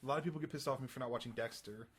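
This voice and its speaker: Man, casual podcast chat, rambling, excitable, mid-pitched. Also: very fast, husky. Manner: rambling, excitable, does mocking voices. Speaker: podcast co-host.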